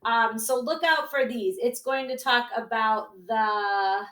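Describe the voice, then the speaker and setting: A woman teacher walks young children through a reading lesson, slowing down to sound out words syllable by syllable. Her voice sits a bit high and has a bright, forceful edge. She keeps checking in with a patient "okay?".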